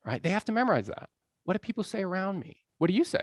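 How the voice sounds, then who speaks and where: Lively gravelly-voiced man lecturing. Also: sits high, fast, no echo. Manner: lively, quizzes the audience, laughs often. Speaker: college lecturer on language learning. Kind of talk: live lecture to an audience. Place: lecture hall.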